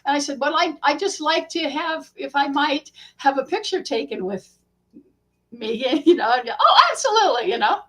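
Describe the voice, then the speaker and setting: A woman author, a guest in an interview, telling a story in a casual, animated way and acting out the quotes. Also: high-pitched, moderate pace.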